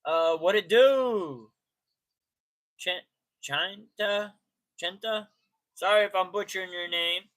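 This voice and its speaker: Bright-voiced man hosting a live stream. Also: high voice, slow, pauses often. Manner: slangy, greets chatters by name. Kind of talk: casual live stream chat.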